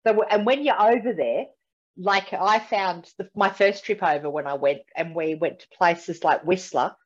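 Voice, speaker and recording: A woman with an Australian accent co-hosting a podcast, chatting casually, talking fast and laughing often. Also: on the low side, dull audio. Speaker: podcast co-host. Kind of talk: casual chat.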